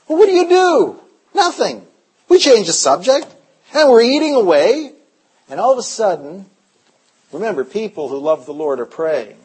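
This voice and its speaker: A man preaching a sermon as pastor, telling stories, sometimes shouting and sometimes dropping to a hush. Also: high-pitched, very animated, moderate pace, pauses often, slightly rough, low-quality recording. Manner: storytelling, shifts from shouting to hushed.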